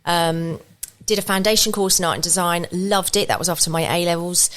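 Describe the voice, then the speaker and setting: A woman's voice: on the low side, fairly even intonation, brisk, fairly bright tone. Chatty English woman telling stories. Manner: chatty storytelling, rambling with restarts. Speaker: podcast guest, saxophonist. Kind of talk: casual podcast chat. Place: podcast studio. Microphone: studio podcast mic.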